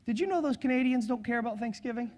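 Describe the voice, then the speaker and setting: Energetic high-voiced man presenting a seminar. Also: fast. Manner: energetic, joking, asks audience questions. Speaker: sales and public speaking trainer. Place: seminar room with live audience.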